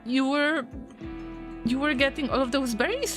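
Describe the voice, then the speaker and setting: A woman streamer giving gameplay commentary, fretting out loud and talking straight to her colonists as if they could hear her. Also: sits high, moderate pace, long pauses, soft background music. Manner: frets aloud and talks to her colonists. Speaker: game streamer.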